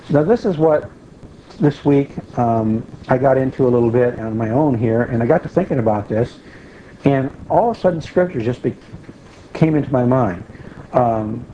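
A man's voice: medium pitch, dark tone. A man giving a conversational Bible teaching, explaining patiently and repeating key phrases for emphasis. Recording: dull lo-fi recording with faint hiss.

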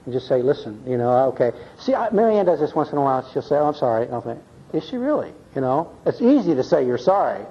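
A man's voice: medium pitch, animated, quick pace, few pauses, husky. An older man leading a church Bible class in a folksy, earnest way, often checking in with "see?" and "okay?". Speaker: Bible study teacher. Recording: muffled lo-fi recording.

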